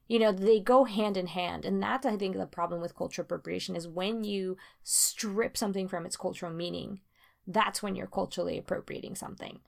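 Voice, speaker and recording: A woman in casual conversation, rambling and restarting, getting animated when she makes a point. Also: mid-range voice, brisk, creaky. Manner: rambling, self-interrupting, animated when emphatic.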